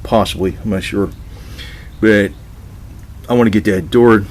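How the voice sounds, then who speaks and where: A man's voice: fairly low pitch, a little slow, a little hiss or hum. A man talking to his cats in a coaxing voice, rambling and swearing casually as he films at home by his old car. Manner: coaxing pet talk mixed with rambling asides and casual swearing. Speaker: cat owner filming his cats.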